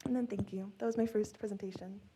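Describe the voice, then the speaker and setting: A woman's voice: mid-range voice, fairly even intonation, quick pace, very noisy. Young woman presenting a tech talk, casual, lots of likes and uhs. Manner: casual, with fillers like "like" and "uh". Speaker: student presenter. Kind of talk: conference talk.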